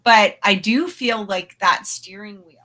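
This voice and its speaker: Bright-voiced chatty woman storyteller. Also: mid-range voice, a little slow. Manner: chatty, full of fillers and asides; laughs readily while telling. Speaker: podcast co-host. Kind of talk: casual storytelling.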